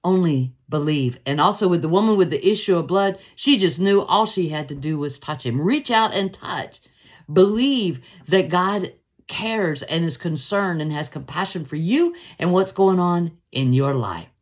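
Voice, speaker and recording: A woman's voice: on the low side, moderate pace. A woman hosting a daily devotional, teaching a Bible passage in a casual, conversational way and acting out the people in the story. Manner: lively, conversational, acts out the story's voices.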